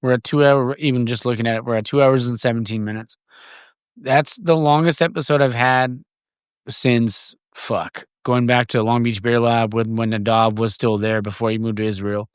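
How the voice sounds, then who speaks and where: A man's voice: medium pitch, steady tone, moderate pace, clean tone, dry recording, studio quality. A man hosting a casual podcast chat, enthusiastic and rambling, cursing freely and restarting his sentences. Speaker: podcast host.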